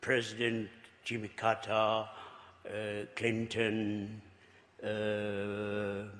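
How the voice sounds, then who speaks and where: A South African archbishop giving a luncheon speech, halting and repeating words, swinging between hushed remarks and exclamations with chuckling asides. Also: male voice, lowish voice, monotone. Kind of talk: after-dinner speech. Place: luncheon banquet hall. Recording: reverberant banquet hall.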